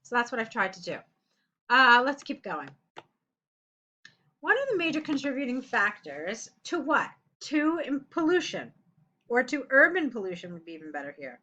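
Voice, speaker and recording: A woman's voice: fairly high pitch, expressive, fairly quick, pushed and bright, muffled recording. A woman English tutor reading a student's essay aloud and correcting it in a chatty, direct way.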